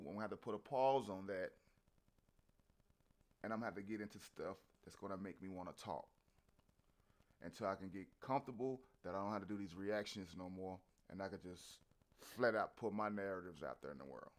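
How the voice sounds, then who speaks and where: A man with a fairly low voice hosts his own reaction video. He talks in a loose, rambling way, stopping and restarting, and swears freely as he thinks out loud. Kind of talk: casual commentary.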